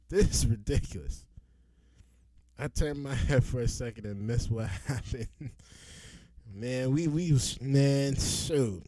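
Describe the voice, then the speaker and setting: A man talks through news clips in casual vlog commentary, his voice rising and falling a great deal as he exclaims and repeats himself. His tone is dark and mellow. The sound is dry and close, with no room echo. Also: mid-range voice. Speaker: vlogger reacting to news clips.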